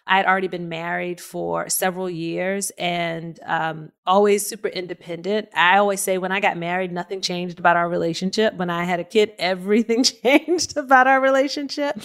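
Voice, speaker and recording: A woman in her thirties, a podcast co-host, telling personal stories in a lively, chatty way and laughing often. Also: fairly low pitch, vocal fry, clear, resonant tone. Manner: animated storytelling, laughing often. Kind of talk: casual conversation.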